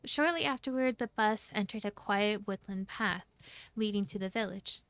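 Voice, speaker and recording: A woman streamer narrating a game story aloud in an animated way. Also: medium pitch, normal speed, smooth, dry recording. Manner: animated, laughs often, self-correcting. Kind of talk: narration with voiced characters.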